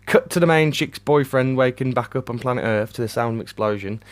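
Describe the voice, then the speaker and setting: A man giving a ranting, sardonic movie review, swearing a lot and swinging between flat mutters and loud outbursts. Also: mid-range voice, a little fast.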